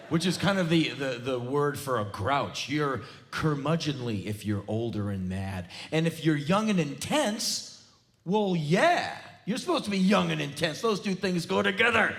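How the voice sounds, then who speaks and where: A man in his forties from the United States, performing a live spoken word comedy rant on a theater stage with intense, shouting bursts. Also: fairly high pitch, expressive, normal speed, a little hiss or hum. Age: 40s.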